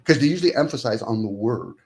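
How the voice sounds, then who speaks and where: A man's voice: mid-range voice, animated, fast, darkish tone. A man in casual conversation as a guest, arguing in rhetorical questions and acting out the voices of people he quotes.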